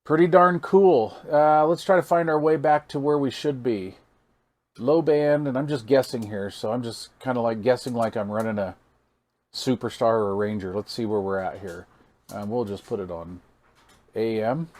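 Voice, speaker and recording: A man with a medium-pitched, darkish voice and moderate pace hosts a radio hobbyist channel. He demos gear casually and hands-on, folksy and amazed, reasoning aloud as he reads meters and counting into the mic for test calls.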